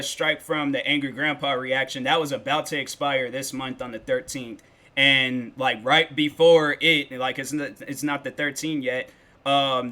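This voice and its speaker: A young man in his twenties talks casually to his livestream viewers. His voice is bright and forward, and his middling pitch wanders as he rambles loosely, full of filler words. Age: 20s. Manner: rambling and loose, with lots of "like" and "bro". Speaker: streamer.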